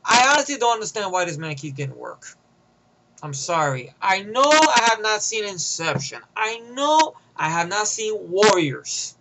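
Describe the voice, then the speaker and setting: A man's voice: very high-pitched, noisy background. A young man giving a rambling, profane, sarcastic movie review in a casual rant.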